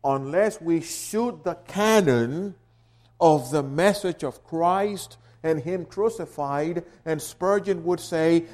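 A man preaching a sermon as pastor, explaining like a teacher and building to loud, emphatic stresses. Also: fairly high pitch, slow pace.

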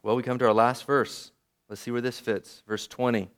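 A man preaching a sermon, lively and often asking his listeners questions. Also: mid-range voice, normal speed. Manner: lively, asks the audience questions.

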